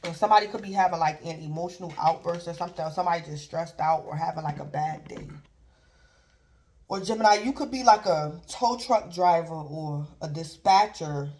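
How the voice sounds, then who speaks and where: A woman's voice: fairly low pitch, brisk, a little mellow, a little hiss or hum. A woman giving a casual tarot reading, rambling and repeating herself, filling gaps with "like" and little chuckles. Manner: rambling and repetitive, filler "like", chuckles; acts out imagined callers in brief quoted voices. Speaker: tarot reader.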